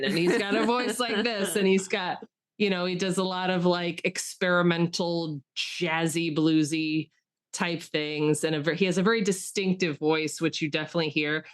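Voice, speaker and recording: A woman co-hosting a podcast, talking enthusiastically about a film in casual chat with lots of fillers. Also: on the low side. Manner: chatty, enthusiastic, with frequent fillers and restarts. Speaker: podcast co-host.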